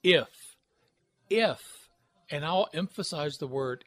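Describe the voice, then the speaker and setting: Brief: male podcast co-host, jokey and quick with bits, pitched a little high. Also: animated, a bit bright. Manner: playful, jokey, slips into radio-DJ patter. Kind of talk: casual wrestling podcast banter.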